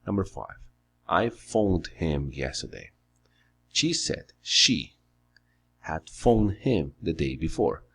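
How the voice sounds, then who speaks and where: A man teaching an English lesson, explaining grammar and vocabulary slowly and patiently, step by step. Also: sits low, big pitch swings, vocal fry, fairly bright tone, husky.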